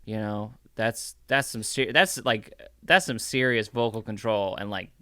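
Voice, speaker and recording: A man co-hosting a podcast in casual chat, hoarse from yelling, rambling with lots of fillers. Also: on the low side, unhurried, dry recording, clean studio sound. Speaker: podcast co-host.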